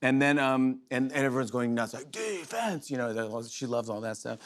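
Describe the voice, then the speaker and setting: Excitable talk show host rambling a story. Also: male voice, mid-range voice, fairly quick. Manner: rambling, excited, many restarts and fillers. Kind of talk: monologue, storytelling chat. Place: TV studio with live audience.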